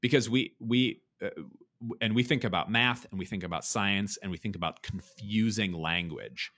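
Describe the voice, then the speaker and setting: A man's voice: fairly low pitch, normal speed, a bit bright. A man giving a conversational lecture, thinking aloud with frequent restarts and checking in with "right?". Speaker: speaker explaining ideas on beauty and art.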